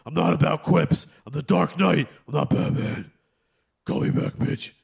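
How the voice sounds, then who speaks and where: A man voicing a jealous, hotheaded male caped crusader who leaves ranting, swearing voicemails in a very gravelly growl. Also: on the high side, normal speed, darkish tone, heavily acted. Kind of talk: comedy voicemail sketch.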